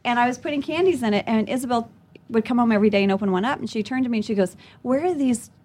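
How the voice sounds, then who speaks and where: A woman's voice: fairly high pitch, rapid-fire, darkish tone. A middle-aged woman from Louisiana, a comedian in casual chat, who tells funny stories and acts out the voices of the people in them, laughing often. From Louisiana, raised partly in Indonesia. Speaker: comedian and improviser, podcast host.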